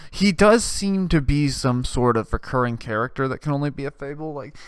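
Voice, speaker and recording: A man's voice: mid-range voice, fairly quick, clear, resonant tone, no echo, studio quality. Rambling, profane young man telling stories. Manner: rambling, profane, animated retellings with restarts. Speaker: podcast host. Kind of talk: casual storytelling monologue.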